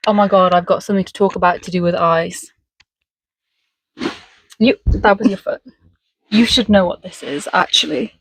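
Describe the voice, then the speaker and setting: A woman's voice: on the low side, steady tone, normal speed, long pauses, no room sound. A woman from Wales co-hosting a podcast in casual chat, rambling and giggly, sometimes breaking into song. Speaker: podcast co-host.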